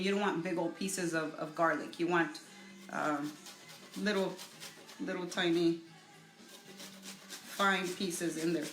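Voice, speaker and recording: A woman's voice: fairly low pitch, fairly bright tone. Chatty woman hosting a home cooking stream. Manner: casual, halting, greets viewers by name while cooking. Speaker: cooking show host. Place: home kitchen. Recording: echoey room with faint music.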